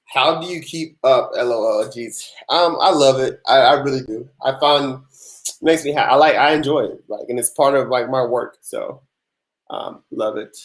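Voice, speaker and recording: A young man, hosting a casual tax Q&A livestream, laid-back and sleepy, chatting with viewers between answers. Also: mid-range voice. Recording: echoey room.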